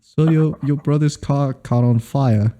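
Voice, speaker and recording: A man's voice: mid-range voice, unhurried, warm tone. A man co-hosting a casual podcast, stammering and repeating words as he asks questions. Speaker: podcast co-host.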